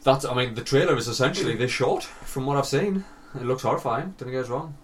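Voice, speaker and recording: In a casual podcast chat, this young male co-host animatedly spins stories, laughing a lot and cursing freely. He speaks briskly in a mid-range voice with lively intonation, a bit far from the microphone over a faint hiss.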